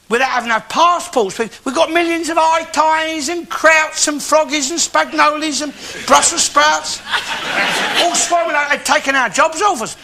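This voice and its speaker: Alf Garnett, a high-pitched ranting Cockney bigot. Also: male voice, exaggerated voice. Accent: London Cockney. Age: older. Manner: boastful, ranting, coarse. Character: bigoted blustering older male London bigmouth. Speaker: comic character monologue. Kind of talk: live stand-up character monologue. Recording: live theatre with loud noise and laughter.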